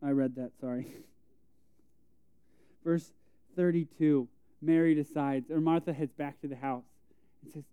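A male pastor preaching a sermon, retelling a Bible story conversationally and dropping to a hush for emphasis. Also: mid-range voice, steady tone, a little slow, clear, resonant tone, no echo, narrow, tinny audio.

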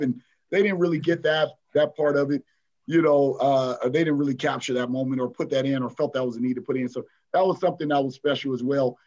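A fairly high-voiced man coach tells an emotional story, often slipping into the voices of his players. The audio is muffled and lo-fi. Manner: animated retelling, acts out players' voices, frequent "man". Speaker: basketball coach, guest. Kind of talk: interview storytelling.

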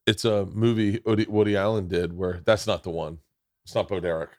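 A man's voice: deep voice, flat delivery, a little fast, darkish tone, no room sound, studio quality. A middle-aged man hosting a casual chat, telling stories and dropping into put-on accents. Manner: storytelling, slips into put-on accents. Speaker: podcast host.

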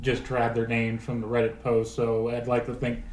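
A man's voice: medium pitch, completely flat delivery, normal speed, darkish tone. A man co-hosting a casual podcast, making offhand, dry remarks. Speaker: podcast co-host.

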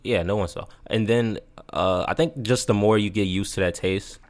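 Young man around 20, very low voice, casual podcast host steering the chat. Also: normal speed. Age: about 20. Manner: joking, leads segments, many fillers.

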